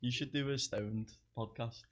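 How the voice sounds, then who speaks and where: A man's voice: mid-range voice, fairly even intonation, moderate pace. A male comedian as a podcast guest, chatting casually and dropping teasing interjections.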